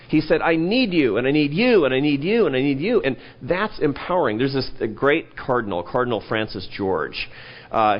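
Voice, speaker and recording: A man in an interview, an animated storyteller who jumps up in pitch when quoting people. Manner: animated storyteller, rises sharply in pitch for quoted lines. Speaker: interview guest, think-tank president. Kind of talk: conversational interview. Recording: dull lo-fi event recording.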